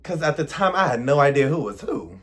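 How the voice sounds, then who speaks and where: A man's voice: a little high, very animated, a little fast, fairly bright tone. A man hosting a music reaction video, talking casually and expressively with playful emphasis.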